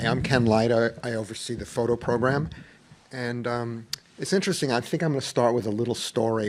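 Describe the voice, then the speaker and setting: A man who oversees a photojournalism program, speaking on a panel and informally opening with a personal story. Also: on the low side. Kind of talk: open house panel talk.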